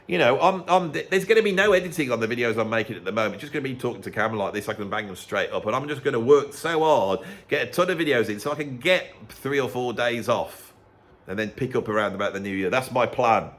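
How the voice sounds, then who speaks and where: A man's voice: medium pitch, fast, a bit bright. A middle-aged man with a Birmingham accent, talking straight to camera in a chatty, sarcastic vlog. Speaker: musician and YouTuber.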